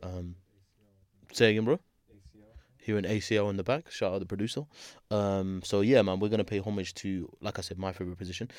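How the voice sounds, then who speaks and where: A man's voice: deep voice, steady tone, a little fast, darkish tone, dry recording, clean studio sound. A young man hosting a podcast, laid-back and laughing often, full of slang. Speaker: podcast host. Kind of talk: casual chat.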